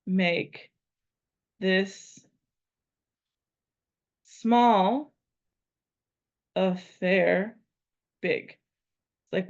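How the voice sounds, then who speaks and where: Woman teacher thinking aloud on dull audio. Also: fairly low pitch. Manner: thinks aloud, repeats phrases while working out a translation. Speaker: Latin teacher. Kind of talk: live translation lesson. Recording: dull lo-fi recording.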